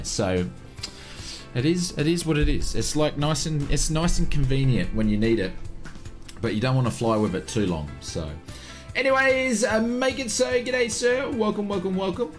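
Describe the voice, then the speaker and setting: An Australian streamer with a high, bouncy voice that swings up and down as he chats. He greets his viewers by name in a friendly, upbeat way during a casual live stream. Soft music plays faintly behind him. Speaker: flight sim streamer.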